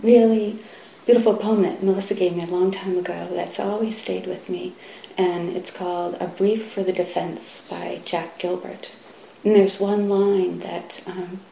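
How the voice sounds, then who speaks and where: Middle-aged woman Zen teacher, unhurried dharma talk, gravelly and hushed, faint room tone behind. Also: mid-range voice, a little hiss or hum. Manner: soft and halting, often sinking to a whisper. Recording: roomy hall echo, faint ambience.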